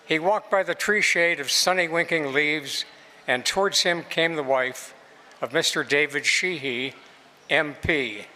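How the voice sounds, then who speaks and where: A man giving an unhurried, expressive public reading of literary prose, with measured, lilting phrasing. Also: a little high. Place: museum reading space with long reverb. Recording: long hall reverb.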